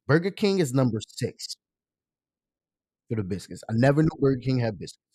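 A man hosting his own live stream in loose, casual chat, swearing freely and jumping up in pitch when he gets excited. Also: a little fast, dry recording. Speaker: livestream show host.

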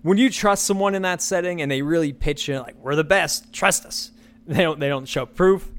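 A man's voice: on the high side, moderate pace, a bit bright. A man hosting a podcast, talking in a loose, sarcastic and incredulous way, rambling through his thoughts. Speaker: podcast host. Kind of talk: casual commentary.

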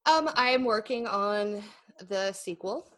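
A woman author, a guest, chats casually about her writing with an easy, self-deprecating laugh, then reads a chapter of her fantasy book aloud. Her medium-pitched voice is expressive, a bit bright, and measured, with no room sound.

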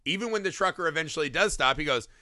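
A man co-hosting a casual movie podcast, talking in an animated, profane way and acting out scenes in goofy voices. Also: fairly high pitch, quick pace, no echo, clean studio sound. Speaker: podcast co-host. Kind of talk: casual movie-review chat.

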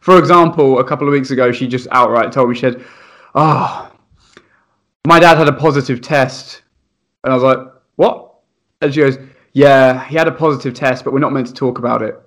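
A young man, a primary school teacher, telling funny stories in casual chat, animated and laughing, acting out voices. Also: mid-range voice, a little fast. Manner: animated, laughing, acts out voices in his anecdotes.

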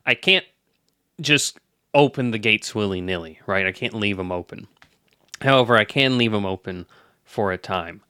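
An ancient spirit guarding a gate speaks slowly and solemnly, played by a man. The voice is low-pitched yet bright and smooth. The recording is dry and close. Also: dry recording. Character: ancient gatekeeping male spirit, grave and hungry.

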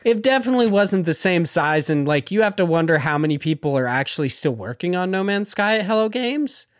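A man on a casual podcast, talking in a rambling way and packing his sentences with filler words. His voice sits a bit higher than most men's and sounds close and dry, with no room around it. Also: animated, fairly quick, dry recording. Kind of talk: casual gaming podcast chat.

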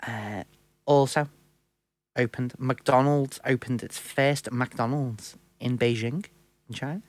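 A young man co-hosting a casual podcast chat, talkative and quick to laugh, often repeating words as he starts a thought. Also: medium pitch, dry recording. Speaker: podcast co-host.

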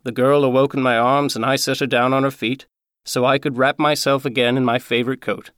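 A man reading a Christmas story aloud in a measured, earnest way. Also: medium pitch, flat delivery, a bit bright, no room sound, studio quality.

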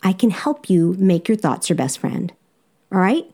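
This Southern woman's voice is fairly low, mellow and sing-song with a breathy edge, and she talks at a moderate pace. As a life coach hosting a solo podcast, she encourages her listeners directly and laughs easily.

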